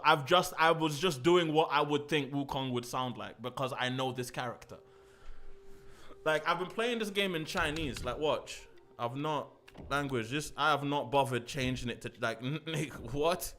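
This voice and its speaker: A young man, ranting playfully and swearing while streaming a game. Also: a little high. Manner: animated, swearing, playful rants. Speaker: gaming streamer. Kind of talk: casual gaming commentary.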